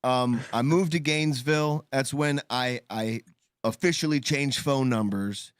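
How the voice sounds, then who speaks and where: A man co-hosting a live call-in show, telling a long story in casual chat, halting and restarting often. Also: mid-range voice, clean tone, dry recording, studio quality. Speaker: podcast co-host.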